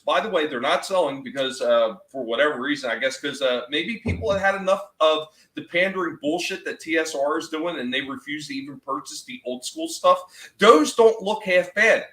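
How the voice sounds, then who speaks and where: A man's voice: fairly high pitch, pushed and bright. A man hosting a podcast, talking bluntly and profanely, reading out chat comments. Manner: blunt, profane, laughs often. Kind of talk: casual chat. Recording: roomy echo.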